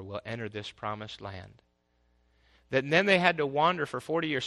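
A man preaching a sermon as pastor, swinging from quiet asides to loud, exclaiming passages. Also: medium pitch, creaky.

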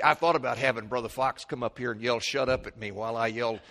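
A male preacher giving a sermon, swinging from hushed, slow pleading to loud, high-pitched shouts. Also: steady tone, creaky. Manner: dramatic swings from quiet to shouting.

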